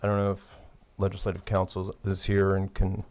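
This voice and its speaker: A man explaining a bill to a legislative committee in a measured, explanatory way. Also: low voice, completely flat delivery, darkish tone, a little hiss or hum.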